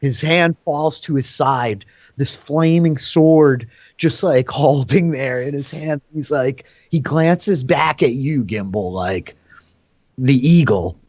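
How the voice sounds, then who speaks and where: A man's voice: medium pitch, slow, darkish tone, no room sound, highs cut off. A man narrating a tabletop game as dungeon master, telling the scene loosely with plenty of fillers. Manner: loose, filler-heavy storytelling.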